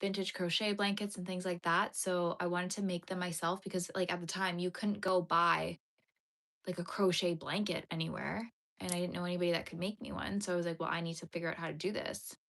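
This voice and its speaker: A woman's voice: lowish voice, little pitch movement, brisk, fairly bright tone. A young woman hosting a casual crochet livestream, chatting with viewers, giggly and full of "like" fillers. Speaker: livestream host.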